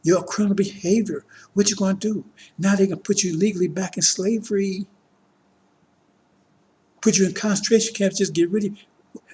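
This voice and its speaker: A man's voice: high-pitched, fairly even intonation, brisk, long pauses, darkish tone. A man preaching a political lecture to a congregation, talking emphatically, firing rhetorical questions and often checking in with his listeners. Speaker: religious teacher addressing a congregation.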